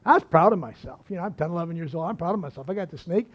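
A man's voice: on the high side, animated, very fast. A male pastor preaching a sermon, telling stories in a folksy way with repeated phrases and asides. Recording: slightly muffled recording.

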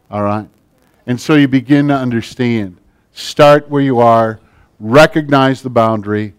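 A man, a pastor, preaching a sermon and leading a closing prayer, his emphatic delivery swinging from loud to hushed. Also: medium pitch, clear, resonant tone. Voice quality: big build, speaks plainly.

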